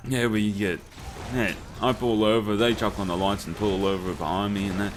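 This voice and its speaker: A man's voice: fairly low pitch, level tone, moderate pace, a little hiss or hum. A young man with an Australian accent, telling rambling, swear-filled anecdotes while playing a video game. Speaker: gaming YouTuber. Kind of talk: casual let's play storytelling.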